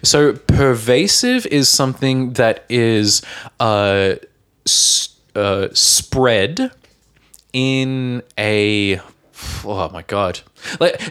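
A man from Australia co-hosting a casual podcast chat, talking in an animated way, swearing freely and laughing often. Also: mid-range voice, drawn-out words. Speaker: podcast co-host.

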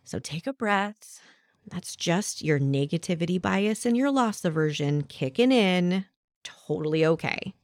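Woman, podcast host, conversational monologue, lively pitch, dry close mic. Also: a little slow, no room sound. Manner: animated, conversational, addresses listener as "my friend".

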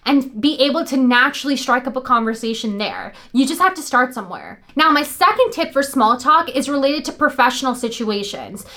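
A young woman with a high-pitched voice gives upbeat, emphatic advice straight to camera as the channel host. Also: big pitch swings, a little fast, hardly any pauses, bright, forceful tone.

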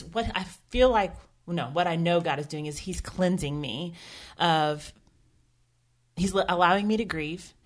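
A woman co-hosting a podcast, talking earnestly and emotionally about faith, with frequent restarts. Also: fairly low pitch. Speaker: podcast co-host. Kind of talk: candid faith podcast conversation.

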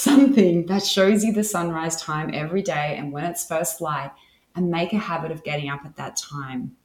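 A woman hosting a solo wellness podcast, talking enthusiastically and laughing often between her points. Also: sits low. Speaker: podcast host. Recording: roomy echo.

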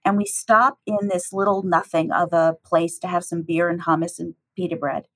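A breathy, slightly husky woman in middle age spins a personal story at a lively clip. She acts out every exchange, climbing high for the startled voices she quotes and settling low for her own asides. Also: moderate pace, low-quality recording. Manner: lively, acts out dialogue with shifting pitch. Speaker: teacher telling a personal story.

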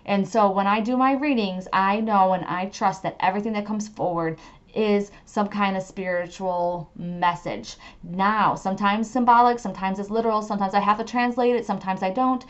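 A woman's voice: mid-range voice, moderate pace, dull audio. A woman hosting a solo podcast, chatty and emphatic, with lots of fillers like "like" and "okay". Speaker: podcast host and medium. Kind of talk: casual solo podcast talk.

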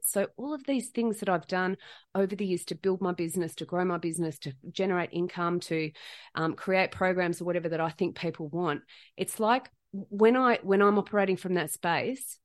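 A middle-aged woman speaks alone to her podcast listeners in a reflective monologue. Her voice sits on the low side, and she talks earnestly, often coming back to the same phrase to stress it. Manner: earnest, heartfelt, repeats phrases for emphasis. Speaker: podcast host.

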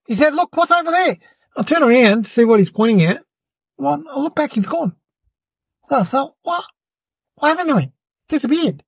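With a high, animated voice, vocal fry and long pauses at a moderate pace, an adult portrays a young boy who hosts his own podcast. In this dry-recorded comedic monologue he's boastful, rambling and fibbing, forever addressing people as "mate".

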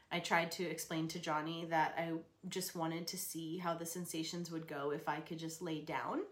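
A woman podcast host telling a personal story in a candid, expressive way, often laughing and sometimes swearing. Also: low voice.

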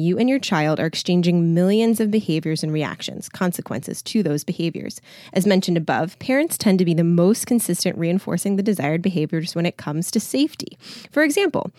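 A woman's voice: fairly low pitch, a little mellow, no room sound, studio quality. A woman podcast host and coach, reading passages from a book aloud and adding casual, filler-heavy commentary. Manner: conversational, frequent filler words.

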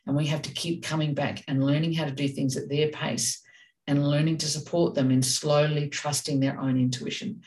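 A woman's voice: deep voice, level tone, moderate pace, a little mellow, recorded from a distance, rough recording. A woman co-hosting a parenting talk, speaking in a direct, passionate, emphatic way. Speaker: parenting podcast co-host. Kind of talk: casual discussion.

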